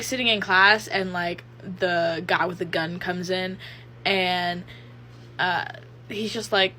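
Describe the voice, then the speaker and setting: A woman's voice: mid-range voice, sharp tone. A woman in a casual vlog, chattily recommending fan stories with lots of fillers and rambling asides. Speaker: fanfiction reviewer.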